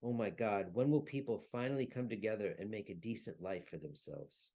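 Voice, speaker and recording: A man's voice: fairly low pitch, a little fast, mellow. A man reading the lines of an elderly grieving Jewish saddle maker who laments and curses bitterly. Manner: lamenting, rising to furious curses.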